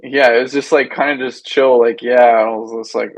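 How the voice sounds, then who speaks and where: Young man, gravelly, dry close sound, relaxed rambling talk. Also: medium pitch, moderate pace, few pauses, dry recording, highs cut off. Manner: laid-back, rambling with many fillers. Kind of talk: casual chat.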